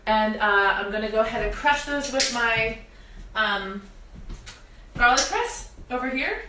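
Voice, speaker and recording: A woman's voice: on the high side, expressive, a little slow, bright, forceful tone, roomy sound, recorded from a distance, a little hiss or hum, poor audio. A young woman hosting a live cooking demonstration in her home kitchen, chatting directly to viewers with self-deprecating humor while her eyes water from onions. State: teary-eyed from onions. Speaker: cooking show host. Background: kitchen clatter of pots and dishes.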